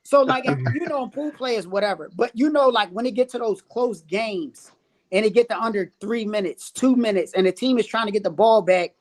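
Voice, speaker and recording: A man, a referee guest on a casual podcast, telling stories in an animated, exasperated way and laughing through them. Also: sits high, moderate pace. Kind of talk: casual storytelling chat.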